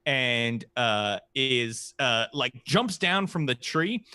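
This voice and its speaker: A man running a tabletop game as game master, narrating slowly with lots of halting fillers. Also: mid-range voice, animated, sharp tone, clean tone, dry recording, clean studio sound. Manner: halting, many "uh" fillers, laughs easily.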